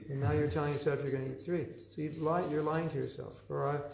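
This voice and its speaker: A man's voice: on the high side, steady tone, a little fast, creaky, echoey room, music in the background, rough recording. A man giving a spiritual class in a conversational style, acting out the voices people use in their heads and often laughing. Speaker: spiritual teacher. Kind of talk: lecture reading from his own book. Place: lecture room.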